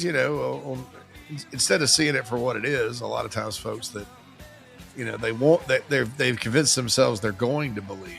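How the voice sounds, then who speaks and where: Brief: male sports radio host, gravelly edge, bright forceful tone, chatty and joking, faint music underneath. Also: mid-range voice. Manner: chatty and joking, quick asides. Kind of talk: casual sports talk.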